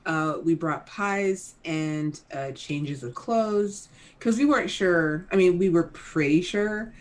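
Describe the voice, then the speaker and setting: Brief: low-voiced woman player, wry, laid-back. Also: takes it slowly. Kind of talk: casual tabletop play.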